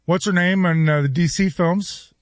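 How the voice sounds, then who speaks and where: A man's voice: high voice, moderate pace, no echo, clean studio sound. A man who is a regular on a sports radio show, chatting in a laid-back, easygoing way. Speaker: regular segment contributor. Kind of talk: casual sports radio chat.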